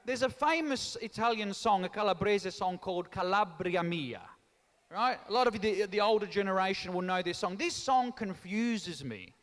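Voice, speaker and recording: A man doing live stand-up comedy and teasing the crowd, mixing in Italian phrases. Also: high-pitched. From Australia. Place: large town hall stage. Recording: long reverb of a hall.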